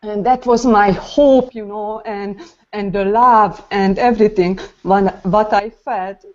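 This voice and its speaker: A woman sharing something personal in a group call, speaking in a halting, emotional way with pauses. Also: medium pitch, fairly even intonation, darkish tone. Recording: dull lo-fi sound.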